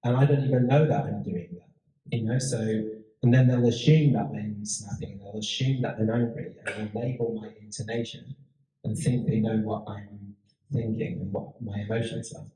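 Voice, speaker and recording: Chatty man with a dark voice. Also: lowish voice, steady tone, measured pace. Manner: chatty, rambling, with frequent restarts and laughs. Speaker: talk speaker. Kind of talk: casual public talk with audience Q&A. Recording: echoey room.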